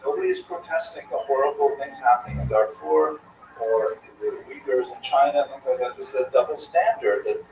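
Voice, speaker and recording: A man hosting a livestream discussion in a casual, animated way. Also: mid-range voice, a little fast. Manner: animated, tells jokes. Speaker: livestream host. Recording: echoey room from far off, faint noise.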